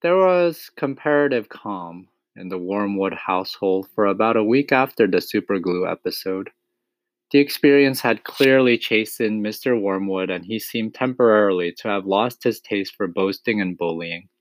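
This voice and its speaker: A man reading a children's storybook aloud, steady and expressive. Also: fairly low pitch, normal speed, no echo. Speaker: narrator.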